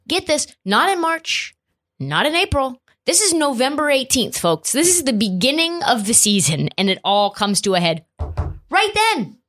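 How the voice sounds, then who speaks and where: A woman hosting a podcast, chatty and animated, with frequent "like" and casual swearing. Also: sits high. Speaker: podcast host. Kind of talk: casual commentary.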